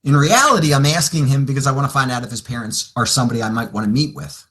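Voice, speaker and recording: A man's voice: medium pitch, quick pace, fairly bright tone. A man training financial advisors, telling stories and acting out both sides of his client conversations. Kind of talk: seminar talk with acted dialogue.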